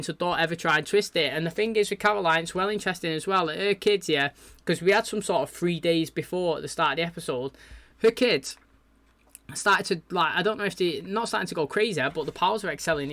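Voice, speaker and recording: A man gives a loose, chatty recap of a TV episode, full of fillers and asides. His voice sits a little high. The sound is dry and close, with no room echo. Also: fast talker, fairly bright tone. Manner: rambling, chatty, loose paraphrasing with frequent fillers. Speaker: TV reaction channel host.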